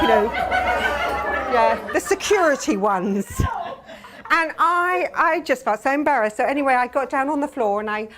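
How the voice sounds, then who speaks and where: A woman's voice: high-pitched, background noise. A middle-aged woman telling funny personal stories to customers in a tearoom, chatty and self-mocking, laughing as she goes. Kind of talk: humorous personal storytelling. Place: tearoom with a live audience.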